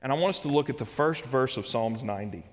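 A pastor preaching a conversational sermon, swinging between loud and soft. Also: male voice, lively intonation, fast. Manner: conversational, dramatic swings in pitch and volume. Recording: long hall reverb.

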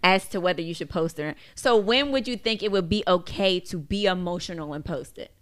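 A woman co-hosting a podcast, calmly asking questions and affirming in casual chat. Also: fairly low pitch, a little fast, dry recording, studio quality. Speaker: podcast co-host.

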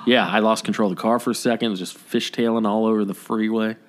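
A man's voice: on the low side, steady tone, quick pace. A man co-hosting a podcast in casual chat, telling stories in a laid-back, rambling way with joking asides. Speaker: podcast co-host.

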